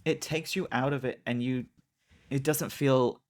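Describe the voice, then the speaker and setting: A man's voice: medium pitch, steady tone, a little slow. A man co-hosting a podcast in casual chat, blunt and opinionated, swearing for emphasis. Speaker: podcast co-host.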